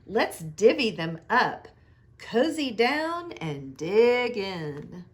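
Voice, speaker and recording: A woman's voice: medium pitch, big pitch swings, very slow. A woman voicing a cheerful badger who invites everyone to share, reading a storybook aloud. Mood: friendly. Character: friendly grinning badger sharing food.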